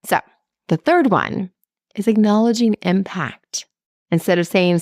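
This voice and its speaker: A woman's voice: mid-range voice, moderate pace, no room sound, clean studio sound. A woman hosting a podcast, talking casually and chattily with lots of "like" and "right?". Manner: chatty, lively, frequent "like" and "right?". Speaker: podcast host. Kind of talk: casual solo podcast talk.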